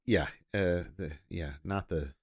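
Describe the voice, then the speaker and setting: A man trades dry, sarcastic jabs in a relaxed podcast chat about a movie. His voice sits fairly low and his delivery is wry. It is recorded close and dry, with no room sound. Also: takes it slowly, dry recording. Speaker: podcast co-host. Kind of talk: casual movie-review chat.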